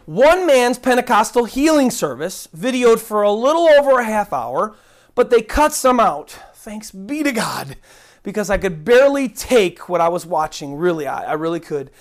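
A woman's voice: medium pitch, very animated, moderate pace. A woman giving an earnest online Bible teaching, indignant and emphatic, repeating words for stress.

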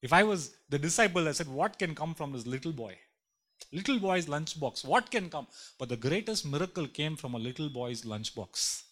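A man preaching a sermon in a slightly higher voice. He talks emphatically and repeats key lines, building intensity as he goes. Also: lively intonation, normal speed, a bit bright. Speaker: pastor.

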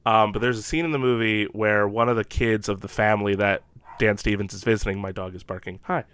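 A man's voice: lowish voice, steady tone, a little fast, fairly bright tone, smooth. A man co-hosting a casual podcast from home, rambling with enthusiasm and lots of fillers. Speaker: podcast co-host. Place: home room.

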